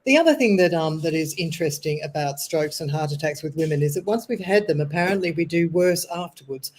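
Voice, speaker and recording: A woman's voice: low voice, animated, brisk, darkish tone. A woman with an Australian accent hosting an interview, asking questions in a conversational, inquisitive way. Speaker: host. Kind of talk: interviewing a guest.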